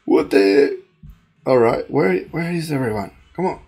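Excitable, gravelly gamer voice. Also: mid-range voice, slow, pauses often. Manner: excitable, panicky, laughs often. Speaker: gaming channel host. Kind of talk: gameplay commentary.

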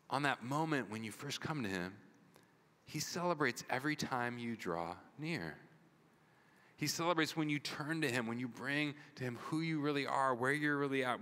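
A man's voice: medium pitch, bright, forceful tone. A man preaching a sermon as pastor, telling stories with acted-out dialogue and asking the congregation "right?". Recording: long hall reverb.

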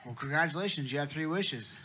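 A man's voice: fairly high pitch, brisk, bright, forceful tone, a little hiss or hum. A man voicing an easygoing male genie who swears casually, in a stand-up joke. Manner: casual, profane.

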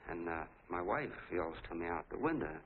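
A rambling folksy soda jerk, American accent, lowish voice, tinny old film sound, faint hiss. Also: male voice, animated, moderate pace. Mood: chatty. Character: small-town soda jerk, eager talkative middle-aged man. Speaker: soda jerk telling his story.

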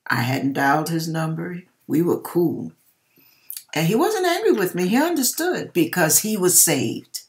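A woman with a slightly low-pitched voice shares a personal faith testimony. She tells it in an emphatic, expressive way, with church-style exclamations throughout. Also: unhurried. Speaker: hairdresser sharing a personal testimony.

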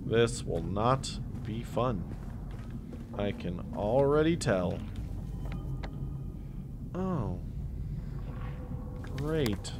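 Over background noise, a young man with a lowish, animated voice speaks slowly while doing horror game let's play commentary for his YouTube channel. Jokey and reactive, he talks to the game's characters, swears at jump scares, and shifts between loud outbursts and muttering.

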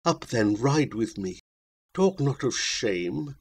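A man reading the lines of a scheming, mocking damsel in a narrative poem, slow and insinuating. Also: mid-range voice, big pitch swings, husky, exaggerated voice. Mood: sly.

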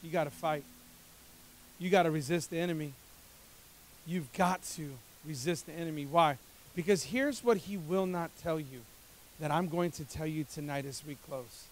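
High-voiced preaching pastor, man. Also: moderate pace, slight background noise. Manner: preaching with dramatic swings from loud to hushed. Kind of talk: sermon.

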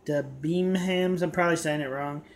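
A man's voice: a little high, fairly even intonation, moderate pace, a little mellow. An American man hosting a reaction video, talking casually and rambling, often stumbling and restarting his words. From United States.

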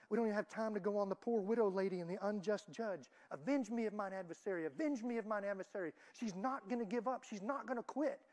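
A woman preaching a church sermon in a voice of middle pitch. She builds some lines to loud, emphatic peaks and drops others almost to a hush. Her delivery is dynamic and insistent.

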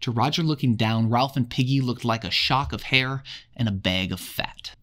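A man's voice: mid-range voice, moderate pace, sharp tone. A man giving a casual chapter summary of a novel, mixing dramatic readings with wry, jokey asides. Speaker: literature explainer.

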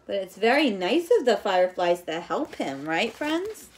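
A young adult woman reading a children's story aloud as a teacher, gentle and coaxing, often asking her listeners questions. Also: mid-range voice, sing-song, normal speed, a little hiss or hum.

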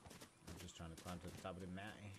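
A man's voice: low voice, flat delivery, fast talker, noisy background. A young man streaming a video game, joking, swearing and talking to himself. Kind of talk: casual live-stream commentary.

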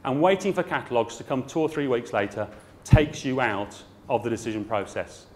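A man's voice: medium pitch, brisk, a little mellow, a little hiss or hum. A middle-aged man addresses a room of suppliers. His delivery is plain-spoken and chatty. He keeps the talk moving with dry, jokey asides. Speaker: garden centre owner speaking at a trade show. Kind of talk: trade show talk to an audience.

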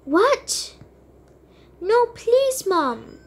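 A woman's voice: on the high side, sing-song, normal speed. A woman voicing an upset young girl in a toy role-play game, begging and whining to her mother. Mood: pleading.

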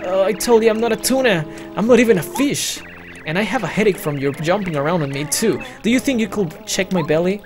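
A player doing a huge, gentle whale from a video game. It talks in a plaintive, begging way. Faint game music runs underneath. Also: mid-range voice, animated, fairly quick, voice pushed up, close to an everyday voice. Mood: pleading. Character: big whale, gentle and pleading.

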